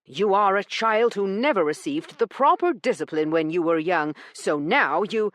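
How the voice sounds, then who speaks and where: A woman voicing a stern, blunt gentleman who lectures with dry sarcasm in an audiobook. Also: deep voice, animated, normal speed, no room sound. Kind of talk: audiobook character reading.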